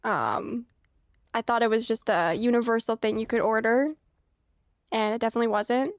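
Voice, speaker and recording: A woman's voice: fairly high pitch, moderate pace, no echo, studio quality. A young woman streaming a game, chatting casually with rambling asides and frequent laughter. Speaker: streamer playing a farming game. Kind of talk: casual let's-play chat.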